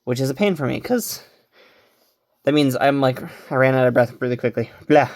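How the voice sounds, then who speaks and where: A young man chatting casually on his vlog about a virtual pet device, rambling and excitable, out of breath after running upstairs. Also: medium pitch, brisk, no room sound, clean studio sound. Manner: rambling, excitable, lots of fillers. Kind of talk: casual chat. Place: upstairs room at home.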